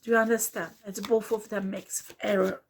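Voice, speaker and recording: A woman's voice: mid-range voice, flat delivery, normal speed, slight background noise. A woman, speaking earnestly as a tarot reader who repeats herself and slips into words now and then. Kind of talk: casual spoken reading.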